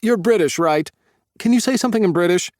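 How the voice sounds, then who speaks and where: A man voicing an exuberant, excitable young man who squeals and gushes. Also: normal speed, dry recording, studio quality. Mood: gushing. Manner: shrill, squealing, gushing.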